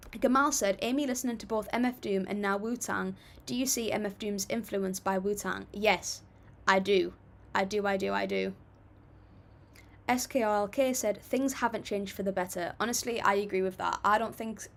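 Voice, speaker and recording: A woman's voice: medium pitch, gravelly. Chatty British woman reading livestream comments. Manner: chatty, friendly, reads comments aloud then replies. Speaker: livestream host reacting to music.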